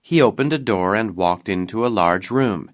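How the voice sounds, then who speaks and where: A man narrating a graded-reader story in a slow, clear reading voice. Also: fairly low pitch, expressive.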